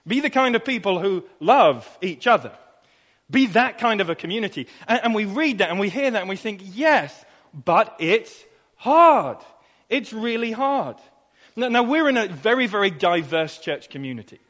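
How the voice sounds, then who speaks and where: High-voiced preacher in a reverberant church. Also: male voice, a bit bright. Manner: conversational, repeats phrases for emphasis, asks rhetorical questions. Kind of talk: sermon. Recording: long reverb of a church hall.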